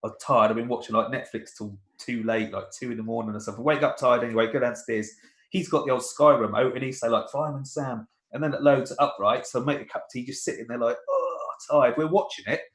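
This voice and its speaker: A man's voice: medium pitch, fairly even intonation, fast, reverberant. A man in his thirties, co-hosting a podcast and telling grumbling, chatty stories about his family. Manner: chatty storyteller, grumbling, mimics voices. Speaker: podcast co-host. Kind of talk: casual banter.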